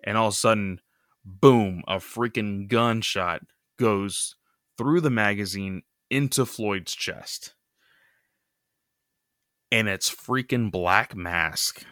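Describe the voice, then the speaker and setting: A man's voice: on the low side, slow, pauses often, fairly bright tone, no room sound, clean studio sound. A man co-hosting a podcast, recapping a comic in loose casual chat full of fillers. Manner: loose, filler-heavy retelling with many "you know" and "like".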